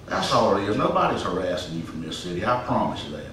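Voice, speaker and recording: Deep-voiced calm councilman. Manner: calm, reassuring, deliberate. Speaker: council member. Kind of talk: measured reply at council meeting. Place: council chamber. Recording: echoey room from far off with faint noise.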